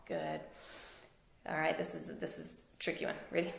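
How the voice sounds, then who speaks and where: A woman teaching a phonics lesson to young children, slowly sounding out word parts and praising answers. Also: deep voice, big pitch swings, gravelly, reverberant.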